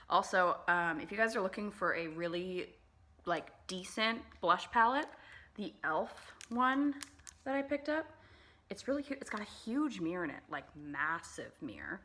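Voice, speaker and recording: A woman's voice: medium pitch, animated, normal speed, pushed and bright, slight background noise. A woman vlogger chatting casually through a makeup tutorial, bubbly and full of fillers, sometimes dropping into whispered asides. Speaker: beauty vlogger.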